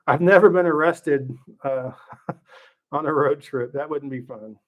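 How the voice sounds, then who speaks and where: A man's voice: fairly high pitch, slow pace. Man on a lo-fi livestream. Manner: relaxed, thinking aloud with many fillers and restarts. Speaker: livestream host. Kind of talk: casual live Q&A with viewers. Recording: slightly dull lo-fi stream audio.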